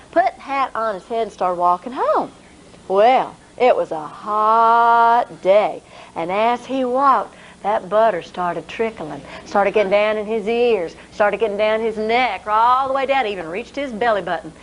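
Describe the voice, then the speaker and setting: A woman telling a folk tale to a live audience in a folksy, expressive way. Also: a little high, a little hiss or hum, rough recording. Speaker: storyteller.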